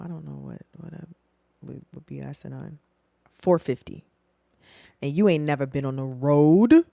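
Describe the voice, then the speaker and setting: Low-voiced woman giving casual career advice. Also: creaky, no echo. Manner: animated, acts out dialogue in changed voices. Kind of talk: casual advice talk to camera.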